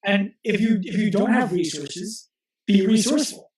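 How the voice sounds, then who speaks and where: A fairly high-voiced man in his thirties speaks earnestly as an interview guest, and he often restarts his sentences as he tells stories. His voice carries a roomy echo. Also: animated, darkish tone. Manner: earnest, storytelling with quick restarts. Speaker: guest, physical therapist and coach. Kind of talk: conversational interview.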